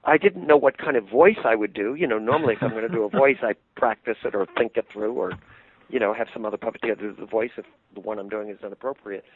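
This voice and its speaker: Older puppeteer recalling stories, phone-line sound. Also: male voice, fairly low pitch, fast, slightly rough. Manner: animated anecdotes, laughing easily. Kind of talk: interview storytelling.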